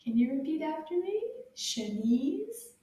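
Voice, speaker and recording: A woman with a high, bright teacher's voice leads a children's French lesson. She talks slowly and in a sing-song way, stretching each sound for little learners. Her voice rings in a strongly echoing room, picked up from a little way off the mic. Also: big pitch swings, recorded from a distance. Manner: slow, sing-song, encouraging, exaggerated enunciation.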